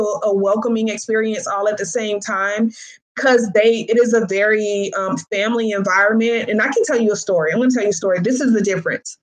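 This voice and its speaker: Chatty woman teacher, kinda high voice, does little voices for people in her stories. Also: rough recording. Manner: animated, acts out quotes in raised voices. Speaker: high school senior teacher. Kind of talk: casual storytelling talk.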